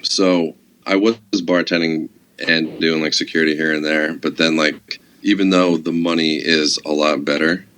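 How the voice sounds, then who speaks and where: A man's voice: extremely low pitch, steady tone, normal speed, fairly bright tone, slight background noise. A man guest on a podcast, telling stories in a casual, profane way with lots of fillers. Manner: casual, profane, laid-back storytelling with many fillers. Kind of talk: casual chat.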